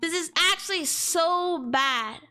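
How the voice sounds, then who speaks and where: A woman's voice: very high-pitched, expressive, slow, sharp tone, faint music behind. A woman streamer in casual chat, slangy and exclaiming, heavy on fillers like "like" and "dude".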